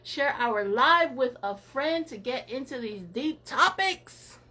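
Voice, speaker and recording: A woman's voice: sits high, expressive, slow, bright, forceful tone. A woman hosting a live podcast, talking in an upbeat, chatty way and often repeating herself. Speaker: podcast host. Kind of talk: casual live-stream chat.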